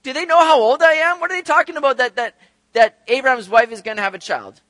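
A man's voice: extremely high pitch, fast talker, sharp tone, dry recording, voice pushed up. A man voicing an incredulous, scoffing very old woman in mocking disbelief.

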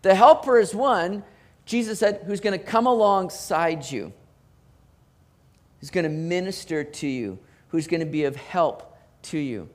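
A man preaching a sermon as pastor, animated, with emphatic rising bursts and repeated words. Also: high-pitched, measured pace.

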